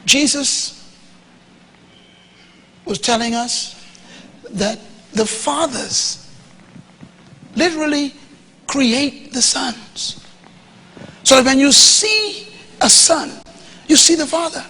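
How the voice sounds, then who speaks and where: Guy preaching a sermon, high bright voice, gets loud then drops way quiet, acts out little dialogues, faint hiss behind. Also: slow pace, long pauses. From Bahamas. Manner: animated preaching, swings from loud to hushed. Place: church hall before a live congregation.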